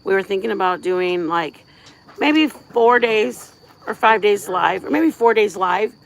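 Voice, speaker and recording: A woman's voice: mid-range voice, measured pace, vocal fry. A middle-aged woman from Michigan hosting a casual livestream outdoors at night, chatting in a rambling way full of fillers and restarts. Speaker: livestream host. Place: outdoors at night, crickets around.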